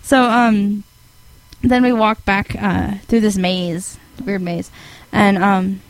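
A teenage girl casually telling a long dream story, giggling and rambling, with high, lively quoted voices. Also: slow, no room sound, rough recording.

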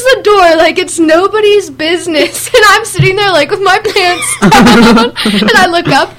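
A woman's voice: extremely high pitch, lively intonation, moderate pace, few pauses, fairly bright tone. Giggly young woman telling a story. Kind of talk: casual chat, storytelling.

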